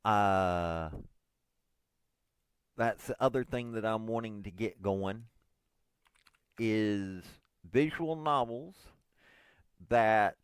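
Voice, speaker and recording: A man's voice: lowish voice, extremely slow, long pauses, clear, resonant tone, dry recording. A man in his forties, hosting his own podcast, rambles casually and self-deprecatingly, with lots of hesitant fillers. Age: 40s. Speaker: podcast host.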